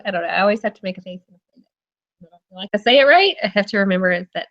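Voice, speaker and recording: A chatty woman from North Carolina hosts a casual online interview, laughing easily and rambling between thoughts. Her voice sits in a middle pitch. The stream audio sounds a little dull and muffled. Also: very animated, fast talker, long pauses. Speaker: interview host. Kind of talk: casual chat.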